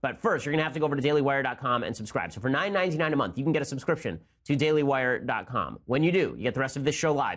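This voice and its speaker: A man hosting a political talk podcast, speaking in a rapid-fire, sarcastic, mocking way. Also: mid-range voice, very animated, a bit bright. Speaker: podcast host.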